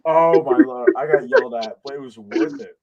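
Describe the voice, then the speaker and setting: A man hosting a casual podcast, talking in an excitable, rambling way full of restarts, into a desk mic. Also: mid-range voice, moderate pace, dull audio, over a noisy crowd. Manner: excitable, rambling fan talk with many restarts. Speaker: podcast host. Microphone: desk microphone.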